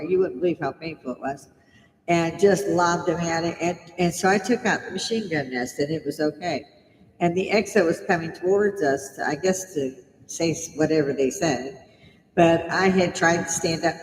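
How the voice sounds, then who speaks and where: A woman's voice: low voice, normal speed, a little hiss or hum. Older woman, laughing storyteller, echoey room. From United States. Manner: chatty, laughs often while telling stories. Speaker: live streamer. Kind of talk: casual storytelling. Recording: echoey room with long reverb.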